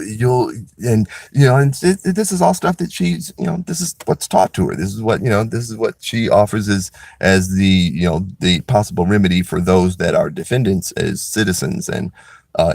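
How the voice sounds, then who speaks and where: A man's voice: lowish voice, darkish tone, no echo, clean studio sound. A man in a casual, rambling monologue, blunt and profane, with lots of restarts as he talks.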